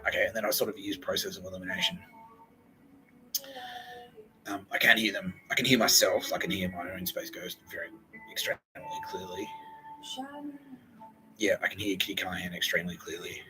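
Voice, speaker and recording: A man in casual podcast chat, rambling and earnest, with many fillers, often dropping to a hushed mutter. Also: sits low, poor audio. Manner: rambling, meandering, heavy on fillers.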